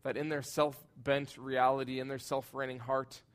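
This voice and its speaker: A man preaching a sermon, earnest and emphatic, his voice swelling loud at high points and sinking soft and low at others. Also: flat delivery, normal speed, clean tone. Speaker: pastor.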